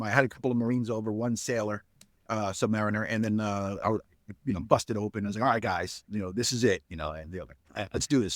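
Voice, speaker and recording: A man's voice: no room sound, studio quality. A middle-aged man, a podcast guest, telling stories in a casual interview and acting out the people he quotes, with a lot of "you know" in his speech. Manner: animated storyteller, acts out quoted dialogue with jumps in pitch; lots of "you know" fillers. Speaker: podcast guest, spirits company founder.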